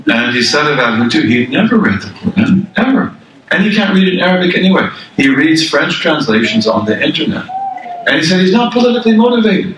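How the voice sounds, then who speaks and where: A man's voice: on the high side, very animated, brisk, fairly bright tone, far from the mic. Older man, religious lecture, conversational, repeats for emphasis, roomy hall, faint background hum. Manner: conversational, repeats phrases for emphasis, asks the audience questions. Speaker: Islamic scholar and lecturer. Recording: echoey room, speaker away from the mic.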